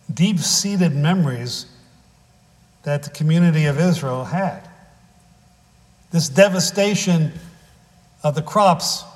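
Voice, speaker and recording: A man's voice: fairly high pitch, in a large hall. A man preaching a sermon, reading scripture and then telling family stories in a conversational way with wry humor. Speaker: pastor.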